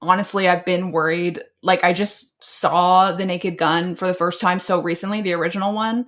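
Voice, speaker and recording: A woman co-hosting a podcast in casual, unfiltered chat. Her voice sits slightly low for a woman, and she talks bluntly, gushing and swearing freely. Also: fairly even intonation, normal speed, a bit bright. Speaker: podcast co-host.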